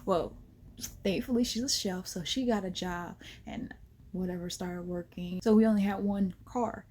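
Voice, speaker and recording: A woman vlogger telling a personal story in a casual, slangy way, animated, with whispered asides. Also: mid-range voice, moderate pace, breathy edge.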